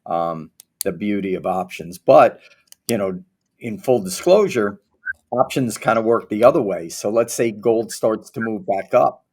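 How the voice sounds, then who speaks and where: A man with a low voice chats casually about trades on a markets show. He talks candidly and rambles, leaning on fillers and teasing his co-host. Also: unhurried, a little mellow, slightly rough.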